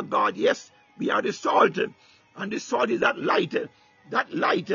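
A man's voice: sits high, animated, measured pace, vocal fry, bright, forceful tone, slightly rough, muffled recording. A man preaching a sermon with fervor, repeating "my God" and "hallelujah" between phrases and breaking into tongues.

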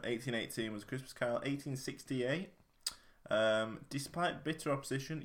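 A man's voice: medium pitch, fairly bright tone. A man hosting a podcast in a casual, chatty way. He reads out history facts, jokes around and often trips over his words. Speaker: podcast host.

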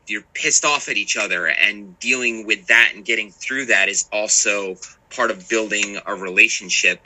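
Co-host: man with a sharp, bright voice, reflective and casual. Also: on the low side, low-quality recording. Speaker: podcast co-host. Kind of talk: casual chat.

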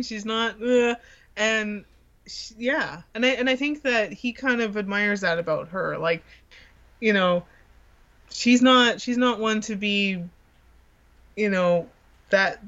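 A woman's voice: medium pitch, fairly bright tone. A woman talks casually about favorite film scenes, rambling and restarting as she searches for words. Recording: slightly dull lo-fi audio.

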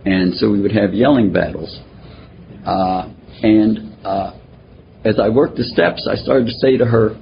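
An older man telling his personal recovery story at a twelve-step meeting, halting and self-deprecating, with many pauses and fillers. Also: lowish voice, gravelly. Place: meeting room. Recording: muffled recording with faint hiss.

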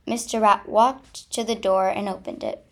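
A woman reading a children's story aloud and closing her channel video, with expressive, dramatic delivery. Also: medium pitch, normal speed, slight background noise.

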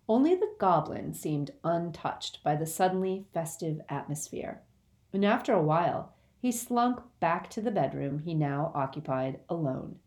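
A woman narrating a storybook aloud in a measured, expressive way. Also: deep voice. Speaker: audiobook reader.

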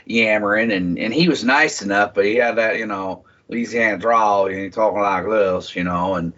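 A man's voice: on the low side, moderate pace, pushed and bright. A man telling rambling, swearing stories in casual chat as a podcast guest. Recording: dull lo-fi podcast audio.

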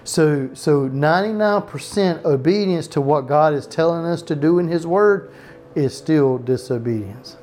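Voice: mid-range voice, a little slow, a little mellow, soft background music. Pastor preaching a casual home sermon. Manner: conversational preaching, frequent restarts and off-note asides. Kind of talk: home Bible-study sermon.

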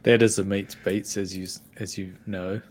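A man's voice: low-pitched, flat delivery, moderate pace, slightly rough. Regular guy player at a tabletop game, jokey, swears a bunch. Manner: joking, swears freely. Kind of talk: casual tabletop game chat.

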